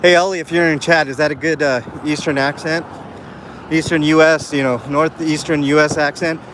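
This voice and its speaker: A man's voice: a little high, little pitch movement, moderate pace, a bit bright. A man talking to his live chat as he walks down a city street, rambling earnestly with lots of fillers. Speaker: live streamer. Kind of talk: walking live stream vlog. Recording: faint street noise outdoors. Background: street and traffic sounds.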